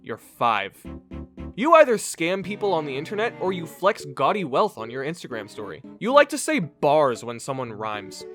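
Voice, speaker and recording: A man roasting his audience in a sarcastic comedy monologue, his voice sitting a little high for a man and leaping all over the place, from dry mutters to loud outbursts. Faint music hums underneath. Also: moderate pace. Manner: sarcastic roasting, swinging between flat asides and shouts. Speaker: YouTuber. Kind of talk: scripted comedic commentary.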